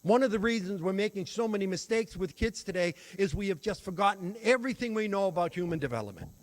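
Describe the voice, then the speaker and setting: Older man, fairly high voice, earnest reflective storyteller, workshop lecture. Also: expressive, quick pace. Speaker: workshop speaker on teaching children.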